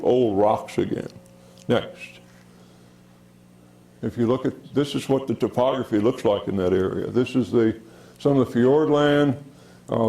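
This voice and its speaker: A man giving a geology lecture with slides, halting with many fillers and calling for the next slide. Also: mid-range voice, creaky, a little mellow. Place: lecture hall. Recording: echoey lecture hall.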